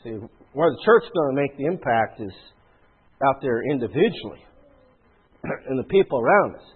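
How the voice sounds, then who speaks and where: Husky preacher man on a tinny line. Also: medium pitch, expressive, moderate pace. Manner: rhetorical, conversational preaching with frequent throat clearing. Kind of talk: sermon. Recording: tinny phone-like sound.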